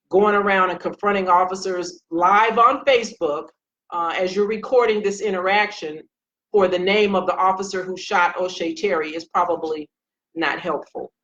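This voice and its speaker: A woman's voice: on the low side, fairly bright tone. Woman on a facebook live talking policing, direct and earnest, kinda dull webcam sound. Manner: direct, earnest, addresses viewers by name. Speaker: retired police sergeant and commentator. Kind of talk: casual Facebook Live commentary.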